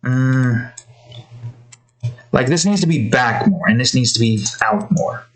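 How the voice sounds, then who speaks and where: An artist drawing on stream thinks aloud in a slow, mid-range voice, rambling with fillers and talking to his cat between remarks. The recording quality is low.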